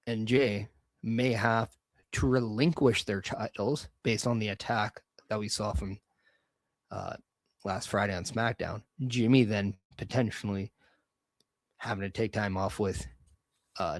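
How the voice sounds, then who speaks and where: A man's voice: lowish voice, no room sound. A man hosting a solo podcast, talking casually and with energy, giving strong opinions as he goes. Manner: energetic, opinionated, loose fantasy-booking talk. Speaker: podcast host.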